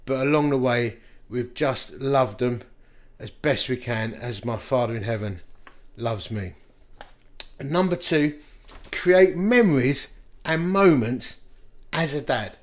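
A man in his fifties preaching a quick-fire sermon as a pastor, telling self-deprecating stories and chuckling along the way. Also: mid-range voice.

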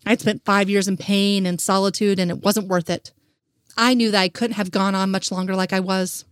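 Woman narrator, brisk even read-aloud, dry close mic. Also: mid-range voice, smooth, dry recording. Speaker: story reader. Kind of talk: reading romantic fan fiction aloud.

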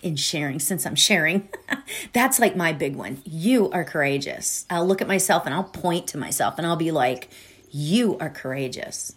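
Here a middle-aged woman with a low, breathy-edged voice and lively intonation talks at a moderate pace on her podcast. She's warm and chatty, sprinkling in fillers and asides, and then leads a meditation.

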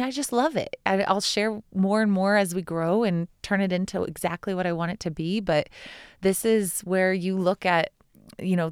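Woman in her 30s doing a solo podcast, smooth clear voice, dry close sound, gushing and heartfelt. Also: lowish voice, no echo. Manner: enthusiastic, heartfelt, rambling. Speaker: podcast host. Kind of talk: casual solo podcast talk.

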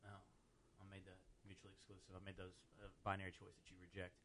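A man's voice: low voice, monotone, quick pace, fairly bright tone. A man hosting a talk radio show, arguing his points with restarts and easy laughter. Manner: argumentative, laughs easily, restarts. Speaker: radio host. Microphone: studio microphone.

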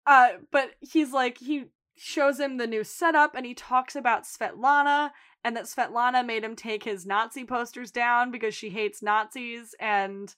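Bright-voiced young woman recapping a show. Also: fairly high pitch, a little slow, hardly any pauses. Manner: animated retelling, quotes characters. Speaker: podcast co-host. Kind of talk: casual recap chat.

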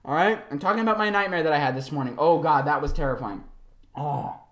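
A fast-talking podcast host rants solo, his rambling peppered with fillers and laughs. He veers from low mumbles into loud, animated bursts.

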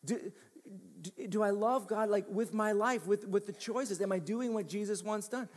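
A man's voice: high-pitched, moderate pace, in a large hall. A man preaching a sermon as pastor, earnest, repeating phrases and restarting with small stammers.

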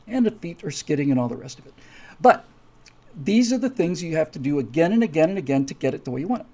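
A man's voice: a little high, big pitch swings, fast talker, mellow. A man who writes his own story project, chatting casually and enthusiastically to viewers with many restarts.

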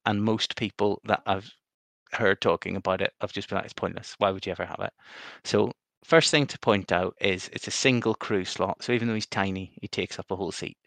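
A man's voice: lowish voice, fairly even intonation, brisk, gravelly, hardly any pauses, a bit bright, no room sound. A man co-hosting a casual gaming podcast, rambling and often repeating words as he restarts his sentences. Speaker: podcast co-host.

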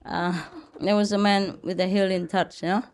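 A woman telling a joke in casual chat, chatty and quick to laugh along with others. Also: mid-range voice, little pitch movement, a crowd in the background.

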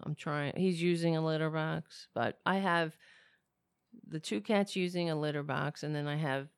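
A woman with a cracking, raspy voice, talking casually at home in a rambling, swearing vlog. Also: low-pitched, moderate pace, no room sound, clean studio sound. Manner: swears freely, rambles and talks to her cats.

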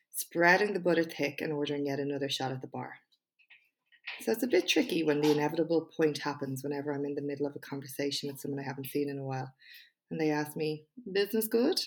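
Low-voiced, frank woman podcaster. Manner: frank, chatty, self-deprecating, with emphatic speech-style delivery. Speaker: podcast host and small business owner. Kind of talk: solo podcast monologue, reading her own speech aloud.

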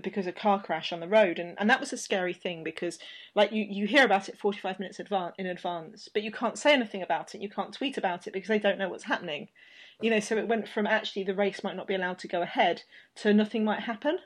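A woman's voice: medium pitch, fast. A woman hosting an interview, telling stories in a chatty, rambling way with lots of restarts. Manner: chatty, rambling, animated storyteller with many restarts. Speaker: podcast host. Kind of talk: casual interview chat.

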